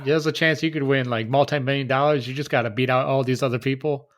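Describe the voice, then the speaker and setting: A man's voice: medium pitch, fairly even intonation, quick pace, a little hiss or hum. A man co-hosting a podcast in casual chat, laid-back with short, easy replies. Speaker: podcast co-host.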